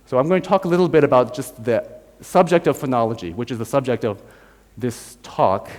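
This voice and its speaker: A man's voice: mid-range voice, brisk, a little mellow. An American man giving a university lecture. He explains step by step, demonstrates sounds aloud and keeps checking in with "right?". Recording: long hall reverb.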